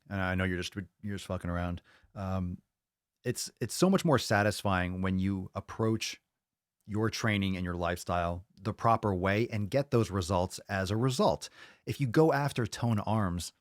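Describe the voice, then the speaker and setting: A man's voice: lowish voice, no room sound, clean studio sound. A man hosting a fitness podcast in casual chat, ranting bluntly and swearing often. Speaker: podcast host.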